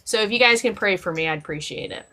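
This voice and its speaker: A woman's voice: medium pitch, fast, sharp tone. Rambling woman hosting a live chat. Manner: rambling, many fillers and restarts. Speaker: live stream host.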